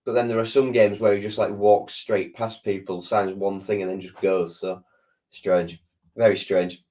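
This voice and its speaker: A fairly low-voiced man talks loosely on a live stream, his throat sore. He rambles, stops and restarts, and answers viewers in a casual way. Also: little pitch movement, normal speed, mellow. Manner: rambling, lots of restarts and ums. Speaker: football fan channel host.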